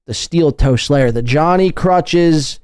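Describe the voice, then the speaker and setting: A man's voice: fairly high pitch, slow pace, a little mellow, clean tone, no room sound, clean studio sound. A man hosting a podcast, ranting in a heated, mocking, profane way. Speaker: podcast host.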